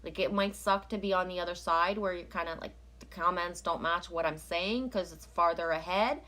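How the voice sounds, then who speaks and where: A woman's voice: on the low side, normal speed, bright, forceful tone. A woman from Canada chatting casually on a live stream, rambling as she reads out viewer comments and oracle cards.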